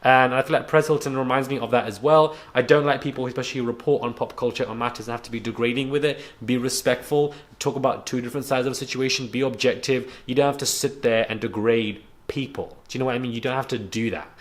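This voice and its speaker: A man's voice: mid-range voice, fairly even intonation, fast talker, hardly any pauses. A young man ranting to camera at home, frank and indignant, rambling with restarts and a self-described stutter. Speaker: YouTube commentator. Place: home on a rainy day.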